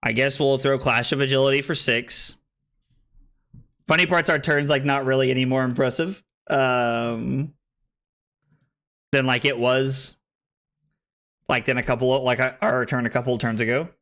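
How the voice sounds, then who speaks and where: A man casually commentating his own card game for a stream, talking to chat as he weighs each play. His voice is bright and forward at an ordinary middle pitch. He chats loosely and turns excitable when a play goes his way. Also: normal speed, long pauses. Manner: chatty, thinks aloud, excitable when winning.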